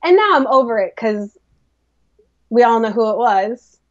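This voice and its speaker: A woman from the US Midwest with a Midwestern accent, co-hosting a podcast in casual chat and ranting with animated mock indignation. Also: a little high, moderate pace, lo-fi sound. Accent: Midwestern American. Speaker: podcast co-host.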